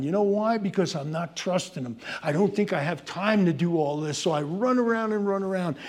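A man preaching a sermon, swinging from loud emphasis to hushed pleading as he addresses his congregation. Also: high voice, fairly quick, few pauses. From Irish heritage. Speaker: pastor.

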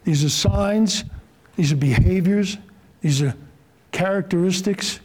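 A middle-aged man preaching a sermon as pastor, fervent and forceful at times, then slowing and softening. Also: high voice, rough recording. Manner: fervent, rising to forceful emphasis, then slow and soft.

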